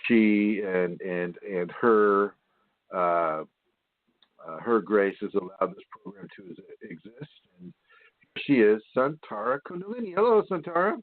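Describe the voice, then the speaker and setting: A man's voice: lowish voice, animated, unhurried, dry recording. A man hosting a spiritual radio show, talking in a rambling, repetitive, preachy way with many fillers. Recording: tinny phone line, dry.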